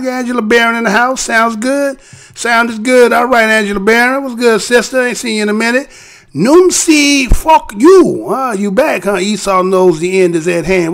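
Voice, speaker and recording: Creaky-voiced man ranting on a live show. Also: sits high, fairly bright tone. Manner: rambling, profane, streetwise, asks "right?" often. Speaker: host of a live streamed show. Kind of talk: casual rant to a live chat.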